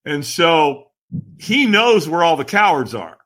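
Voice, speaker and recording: A man, a podcast guest, telling a personal story in animated conversation, emphatic and acting out what others said. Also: fairly high pitch, slow pace. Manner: acts out quoted voices, emphatic.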